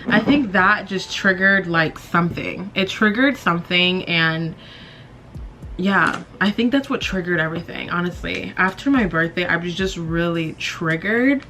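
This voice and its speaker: This beauty vlogger in her 20s speaks at a measured pace in a fairly low, sharp voice, over a faint hiss or hum. Doing her makeup in her bedroom, she chats candidly and rambles with plenty of fillers.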